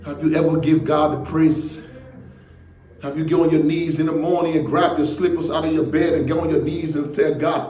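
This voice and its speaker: A man giving an intense motivational speech, often shouting and firing off rhetorical questions. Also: on the high side, flat delivery, moderate pace, echoey room, a little hiss or hum. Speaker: motivational speaker.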